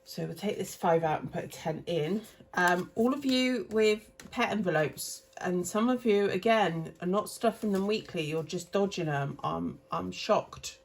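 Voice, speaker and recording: Sorting money into budget envelopes, a woman in her thirties rambles in a chatty way and keeps self-correcting. She's a cash stuffing vlogger with a voice on the low side, and a little hiss or hum is audible.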